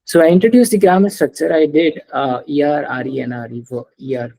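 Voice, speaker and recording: Mellow, husky teacher. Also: mid-range voice, fairly quick, low-quality recording. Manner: patient, repeats examples and checks understanding. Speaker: French teacher. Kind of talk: live online language lesson.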